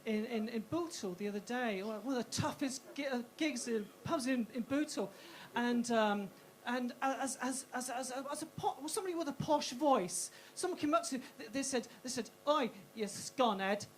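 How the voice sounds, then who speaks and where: Speaking at a moderate pace with few pauses, a woman comedian with a slightly high, posh-sounding voice does live stand-up at a comedy club. She swears freely, pokes fun at herself, and stumbles over and repeats words, with the audience laughing audibly through the crowd noise.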